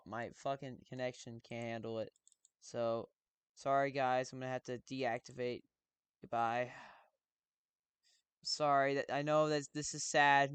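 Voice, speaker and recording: A man's voice: medium pitch, clean tone, no room sound. Casting: rowdy young-sounding male streamer, brash and profane, dry close mic. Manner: loud, profane, excitable commentary. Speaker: streamer reacting to a video. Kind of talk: casual live-stream reaction.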